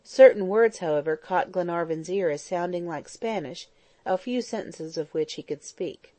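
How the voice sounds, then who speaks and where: A woman reads a classic adventure novel aloud in a steady, measured way. Her voice sits a little low and sounds mellow and warm. The recording is close and completely dry. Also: no echo. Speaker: audiobook narrator. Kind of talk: scripted narration.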